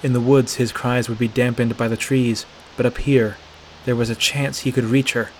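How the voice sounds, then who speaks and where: A man's voice: medium pitch, moderate pace, slight background noise. Man narrating a fantasy chapter. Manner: steady, expressive narration. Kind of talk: audiobook reading of fan fiction.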